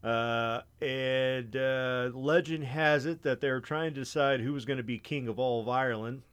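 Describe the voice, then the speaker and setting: Man, podcast host, casual profane storytelling, smooth resonant voice, mid pitch. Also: steady tone, normal speed, a bit bright. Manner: rambling, profane, many fillers.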